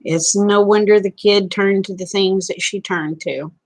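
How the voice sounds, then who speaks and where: A woman's voice: medium pitch, fairly even intonation, a little slow, darkish tone. A woman chatting casually with viewers on a live stream, folksy and talkative. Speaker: vlogger.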